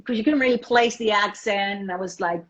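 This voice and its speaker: A South African woman, an actress, chatting fast in an interview with lots of restarts. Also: medium pitch, a bit bright. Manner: fast talker, many restarts. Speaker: actress guest. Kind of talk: casual interview chat. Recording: dull lo-fi audio.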